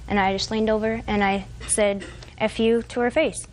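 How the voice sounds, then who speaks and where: A woman's voice: medium pitch, fairly even intonation, moderate pace, slight background noise. A woman in her twenties testifying as a defendant in a TV courtroom, telling a long, hesitant, rambling account. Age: 20s.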